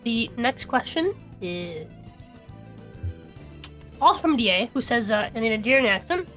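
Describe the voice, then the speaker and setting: A woman co-hosting a casual podcast, playful and teasing as she talks to her chat. Her voice is a little high and very bright and forceful, with faint music behind. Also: big pitch swings, a little slow. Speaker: podcast co-host.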